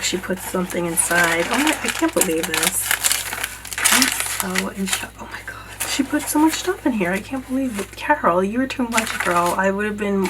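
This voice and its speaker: A woman vlogger gushing over gifts in a casual unboxing video, bursting with excitement and often dropping to a hushed voice. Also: medium pitch, noisy background. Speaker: beauty vlogger. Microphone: camera mic.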